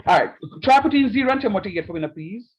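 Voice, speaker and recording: A man teaches a math class in a high voice, walking through each step and repeating himself. The sound is dull and lo-fi, like a video call. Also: animated, racing, breathy edge. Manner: repetitive, explaining step by step.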